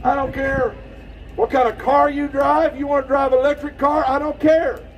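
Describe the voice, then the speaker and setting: A man giving an impassioned rally speech outdoors, preaching and shouting at the crowd. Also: very high voice, little pitch movement, moderate pace, recorded from a distance, slight background noise, rough recording. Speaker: rally speaker.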